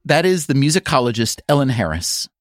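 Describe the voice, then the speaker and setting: A man's voice: mid-range voice, sing-song, fairly quick, dry recording. A man hosting a radio interview, asking curious, conversational questions into a studio microphone. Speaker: podcast host.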